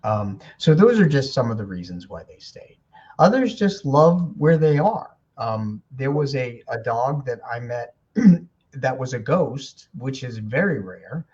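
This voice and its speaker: A man being interviewed as a guest, answering in a measured way and often clearing his throat. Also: medium pitch, very animated, darkish tone, lo-fi sound. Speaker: guest medium and author. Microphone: video call.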